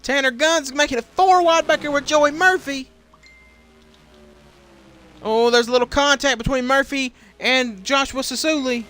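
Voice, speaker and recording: A young man calling a sim race, voice worn from shouting, getting louder and quicker as the pack bunches up. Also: extremely high pitch, soft background music. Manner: shouts and speeds up at crashes. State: voice giving out. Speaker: race commentator. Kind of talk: excited play-by-play commentary for a sim racing league.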